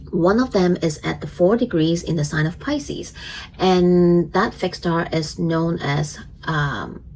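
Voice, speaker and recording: A woman giving a casual astrology forecast and tarot reading, gentle and chatty, with many fillers and frequent giggles. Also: lowish voice, a little hiss or hum, low-quality recording. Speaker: astrologer and tarot reader, channel host.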